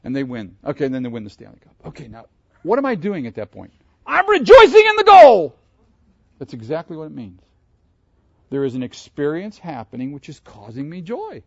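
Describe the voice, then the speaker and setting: A man from Pittsburgh preaching a sermon, animated and asking his listeners questions. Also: mid-range voice, breathy edge, dry recording, lo-fi sound. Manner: animated, asks the audience questions. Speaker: pastor.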